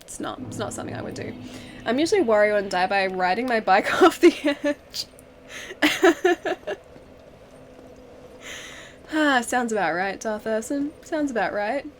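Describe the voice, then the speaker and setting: A woman game streamer talks in a fairly high, bright voice, full of giggles and loose tangents. She chats casually with her viewers from home, with a faint hum behind her. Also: expressive, unhurried, long pauses. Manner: giggly, chatty, rambling. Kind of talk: casual live-stream chat. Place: home, wrapped in a blanket.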